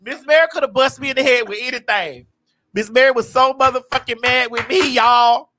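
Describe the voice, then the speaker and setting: High, bright-voiced woman host, laughing storyteller. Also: steady tone, brisk, slight background noise. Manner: loud, laughing, dramatic storytelling. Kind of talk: casual chat.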